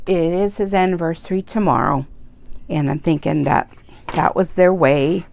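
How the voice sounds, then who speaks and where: A woman's voice: lowish voice, fairly even intonation, moderate pace, vocal fry, darkish tone, a little hiss or hum. A middle-aged woman hosting an embroidery video, talking in a rambling, chatty way while she works. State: tearful at times. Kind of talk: casual chat while crafting.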